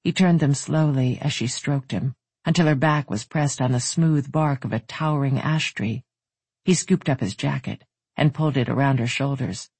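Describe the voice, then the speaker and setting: A narrator reading a romance audiobook in an even, intimate way. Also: mid-range voice, normal speed, breathy edge, no room sound.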